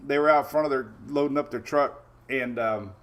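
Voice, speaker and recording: A man hosting a casual weather livestream, greeting viewers by name and telling stories in a chatty, relaxed way. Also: medium pitch, normal speed. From Florida Gulf Coast. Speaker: weather show host.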